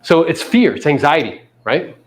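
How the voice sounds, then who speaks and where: A man coaching a live audience in a meeting room, animated and casual, sometimes coarse, often acting out other people's voices. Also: fairly high pitch, moderate pace. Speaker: real estate coach. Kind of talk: live seminar talk to an audience.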